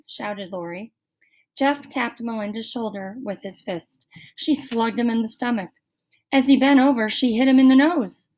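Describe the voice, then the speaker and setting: A woman, like a teacher, reading a children's novel aloud in expressive, unhurried storytelling. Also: fairly high pitch.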